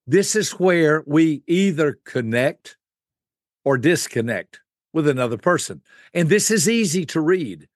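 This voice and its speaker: Older male expert guest; animated, fairly high-pitched teaching voice; dry, close recording. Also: dry recording. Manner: animated, acts out quick voices of types. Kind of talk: explanatory teaching talk.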